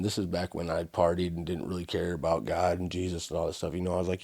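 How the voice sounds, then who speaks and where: Deep-voiced man telling his story casually. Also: fast, gravelly, few pauses, no echo. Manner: casual, animated storytelling with frequent "right?" and "like". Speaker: podcast guest. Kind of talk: conversational storytelling.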